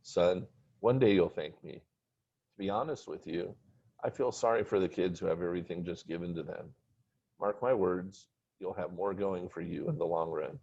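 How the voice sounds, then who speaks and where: Guy doing a calm lecturing dad voice, deep and husky, muffled audio. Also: moderate pace. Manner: patient, preachy lecturing. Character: calm, lecturing wealthy father. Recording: dull lo-fi recording.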